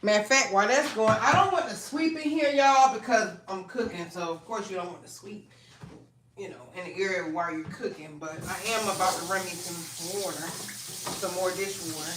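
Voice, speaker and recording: A woman's voice: mid-range voice, normal speed. A woman hosts a casual live cooking stream from her home kitchen, chatting straight to her viewers. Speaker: livestream host. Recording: echoey kitchen with faint noise.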